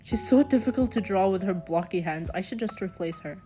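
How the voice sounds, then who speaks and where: A young woman giving a chatty, casual voice-over commentary with quick sarcastic asides. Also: medium pitch, animated, dark tone, faint music behind. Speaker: commentary vlogger.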